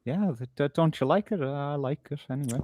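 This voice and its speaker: A man's voice: on the high side, a little fast, darkish tone, highs cut off, slight background noise. A man co-hosting a casual reaction chat, sarcastic and joking, with some swearing. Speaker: co-host.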